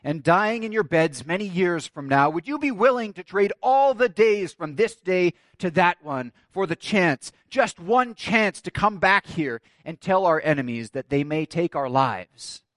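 A man's voice: high voice, animated, measured pace, a bit bright, dry recording. A man preaching a sermon, quoting a defiant rebel leader as he rouses his army, in his own voice. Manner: rousing, declamatory.

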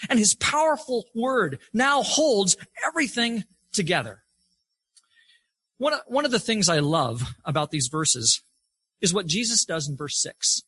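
Bright, lively-voiced male preacher. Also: sits high, slightly rough, no echo. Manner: emphatic, builds through repeated phrases. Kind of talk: sermon.

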